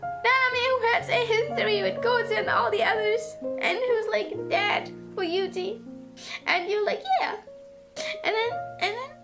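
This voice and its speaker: A woman's voice: very high-pitched, steady tone, moderate pace, vocal fry. A woman streamer with a stuffy nose, chatting casually on a livestream, emotional and tearful, rambling and swearing. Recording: music playing under voice. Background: background music.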